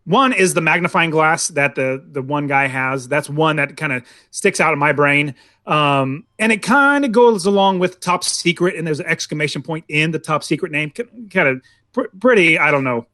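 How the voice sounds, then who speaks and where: A man's voice: fairly high pitch, normal speed, bright, forceful tone, dry recording, studio quality. A man co-hosting a casual movie podcast, telling stories in a rambling way, full of "like" and restarts. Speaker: podcast co-host.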